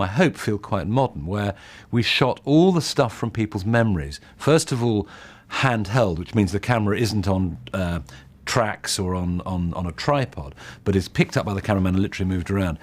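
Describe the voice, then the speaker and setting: Director guy, lowish voice, chatting keenly about making the film. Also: animated, a little fast, few pauses. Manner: fluent, eager explaining with fillers. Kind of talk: behind-the-scenes interview.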